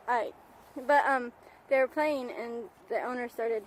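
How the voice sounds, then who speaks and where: A woman's voice: on the high side, animated, takes it slowly, darkish tone, rough recording. A young woman vlogging with her service dog at a park, talking casually into a handheld phone, laughing often and calling praise to the dog. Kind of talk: casual vlog narration. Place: outdoors at a park. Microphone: handheld phone camera.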